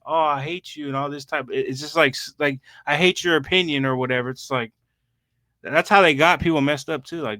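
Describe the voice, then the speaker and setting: A man's voice: medium pitch, bright, forceful tone, dry recording. A man talking as a podcast guest in casual chat, blunt and emphatic about speaking his mind. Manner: blunt, emphatic, uses "bro" and "me personally".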